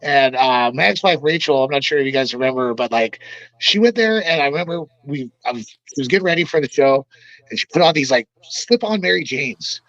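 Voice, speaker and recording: A man's voice: fairly high pitch, animated, a little fast, fairly bright tone, dry recording, muffled recording. A man telling a story as a podcast guest, in a rambling, profane and emphatic way. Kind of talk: casual storytelling.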